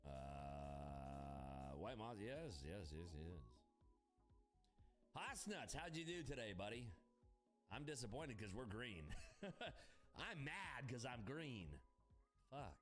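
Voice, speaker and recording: A man livestreaming his futures trading, chatting casually with viewers, profane, excitable and jokey. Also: on the low side, takes it slowly, long pauses, soft background music. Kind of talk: casual live-stream chat, answering viewers.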